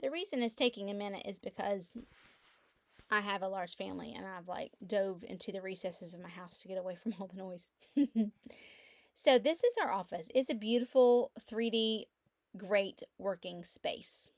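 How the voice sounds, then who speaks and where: A middle-aged woman, chatting casually from home through her computer mic as she walks through an online office, with animated storytelling. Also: mid-range voice, moderate pace, no echo, studio quality. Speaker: real estate agent. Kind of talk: casual screen-share walkthrough. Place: quiet room at home.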